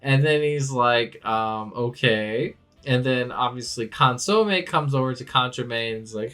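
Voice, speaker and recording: A man's voice: medium pitch, a little slow, faint music behind. A man hosting a manga reaction, recapping a chapter in casual chat and acting out the characters' lines. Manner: animated, acts out characters' lines with laughs.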